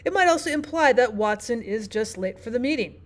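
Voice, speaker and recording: Woman teacher explaining, slightly high voice. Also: expressive, a little fast. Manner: clear, explanatory, asks the listener questions. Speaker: language arts teacher. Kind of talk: classroom lesson narration.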